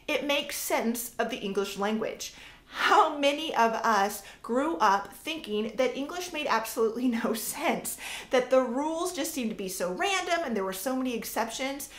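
Upbeat homeschool mom explaining phonics. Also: female voice, fairly high pitch, a bit bright, echoey room. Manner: upbeat, explains with sounded-out examples. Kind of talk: casual teaching talk to camera.

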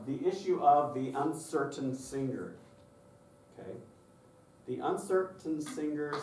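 Man workshop leader, animated delivery, distant mic in a roomy hall. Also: medium pitch, a little hiss or hum. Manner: lively, demonstrative, acts out voices. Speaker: choral music clinician. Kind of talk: conference workshop presentation. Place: conference session room. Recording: echoey room from far off.

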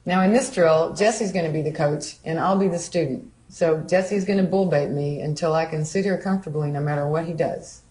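A woman calmly explaining and demonstrating training drills, speaking plainly with frequent fillers. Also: sits low, fairly quick, hardly any pauses, poor audio. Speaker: student and narrator.

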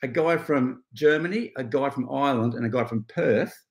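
A middle-aged Australian man appears as a podcast guest, telling stories in relaxed conversation, animated and laughing often. His voice is medium-pitched at a moderate pace, with roomy sound.

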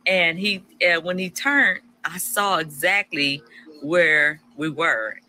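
A woman's voice: lowish voice, takes it slowly, bright, forceful tone, slight background noise, poor audio. A woman telling a personal story casually, acting out her own past lines with animation.

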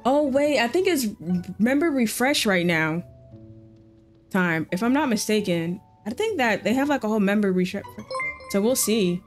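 A woman live streamer chatting casually and excitedly with her viewers while she plays, using lots of slang. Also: fairly high pitch, normal speed, faint music behind.

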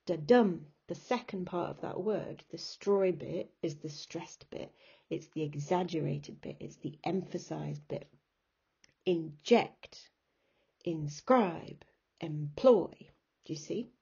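A woman English teacher with a British accent giving a recorded lesson, slowing down to stress and repeat rhythms as she demonstrates them. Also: lowish voice, dark tone, husky. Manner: clapping out rhythms, slow emphatic demonstrations. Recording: dull lo-fi recording.

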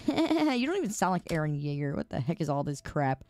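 A woman's voice: low voice, very animated, normal speed, darkish tone, no echo. A woman streaming a video game, chatting casually in a teasing, giggly, sarcastic way.

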